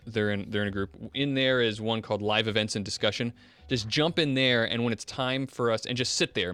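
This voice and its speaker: A man's voice: on the low side, fairly bright tone, dry recording. A man hosting a podcast in casual chat, rambling and self-deprecating, with many fillers and laughs. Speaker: podcast host.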